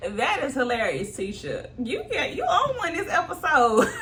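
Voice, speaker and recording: A woman's voice: high-pitched, a little slow. Woman laughing thru a reality show recap, gossipy, bit of faint room noise. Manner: laughs often, gossipy and animated, acts out quotes. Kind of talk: casual recap commentary.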